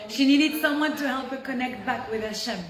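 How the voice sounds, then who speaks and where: Woman from France, higher voice, lively storyteller who acts out her characters, recorded in an echoey room with faint hiss. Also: brisk, a crowd in the background. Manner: lively, acts out quoted voices, frequent "like" fillers. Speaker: storyteller guest. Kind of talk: animated personal storytelling.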